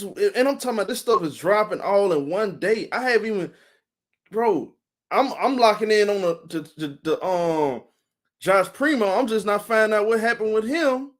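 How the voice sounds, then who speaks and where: A man talks through his live sports stream in a loose, rambling way, repeating words and calling out viewers by name. His voice sits a little high for a man, and he sounds worn out. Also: very animated, moderate pace. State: tired.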